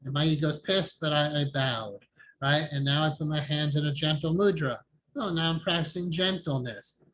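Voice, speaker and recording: A man teaching an online meditation support group in a calm, conversational way, laughing often. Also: fairly high pitch, moderate pace, low-quality recording. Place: home, online video call. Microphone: video call microphone.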